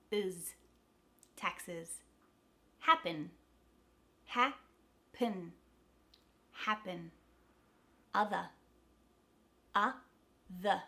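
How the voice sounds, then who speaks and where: An Australian woman teaching pronunciation, repeating example words slowly and clearly. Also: medium pitch, fairly bright tone. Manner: demonstrates words slowly, repeating each several times. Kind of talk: pronunciation lesson.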